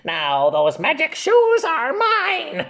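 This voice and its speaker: A shrill wicked witch from a children's storybook, cackling and drawn-out, as a man puts her on. Her voice sits high and swoops widely. The delivery is slow and theatrical. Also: wildly swooping pitch, fairly bright tone, exaggerated voice. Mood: gloating. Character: cackling wicked witch, gleeful then melting.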